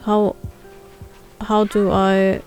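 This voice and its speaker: A woman's voice: mid-range voice, completely flat delivery, very slow, a little mellow, faint music behind. A woman streamer, playfully reading game dialogue aloud as she plays and barking along for the dog. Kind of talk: reading game text aloud while playing.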